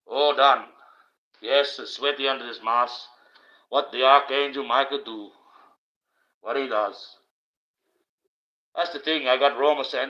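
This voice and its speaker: A man hosts a livestream, talking in a rambling, preachy way that turns blunt and profane. His voice is bright and forceful. The audio is dull and lo-fi, like a webcam or phone mic. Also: medium pitch, fairly even intonation, a little slow, long pauses. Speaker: livestream host. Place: indoors, wearing a mask.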